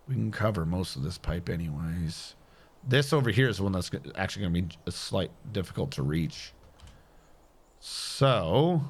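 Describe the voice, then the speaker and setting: A man casually thinking aloud as he plays a building game and answers his chat on a stream. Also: deep voice. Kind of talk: casual gameplay commentary. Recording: game stream with music behind. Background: guitar music.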